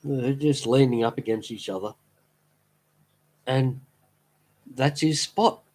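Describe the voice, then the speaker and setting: A man's voice: mid-range voice, takes it slowly, darkish tone. A man chatting casually on a live stream, rambling fondly and laughing easily. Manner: rambling, fond and easily amused. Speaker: streamer talking to chat.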